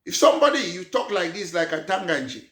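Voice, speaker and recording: A man delivers a political address, his voice set fairly high. He repeats his points and throws rhetorical questions at the audience. The sound carries a noticeable room echo. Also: very animated, quick pace, fairly bright tone. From Cameroon. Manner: emphatic, repetitive, poses rhetorical questions. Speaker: political party leader. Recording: roomy echo.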